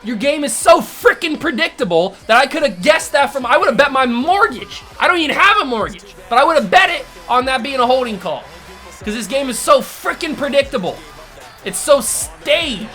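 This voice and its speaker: A man hosting a gaming channel, ranting furiously through live gameplay commentary, swinging from shouts to low mutters. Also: big pitch swings, normal speed, faint music behind.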